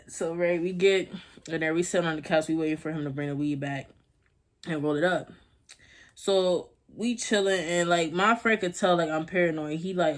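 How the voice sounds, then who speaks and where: A woman's voice: lowish voice, steady tone, moderate pace. A young woman vlogging at home, telling a casual story in a rambling, slangy way with laughs.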